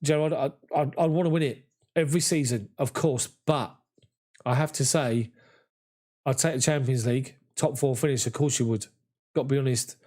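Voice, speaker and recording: A man, hosting a live fan chat after a match and reading viewer comments in an excitable, chatty way. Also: medium pitch, moderate pace. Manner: excitable, chatty, mimics voices in anecdotes. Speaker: fan channel host.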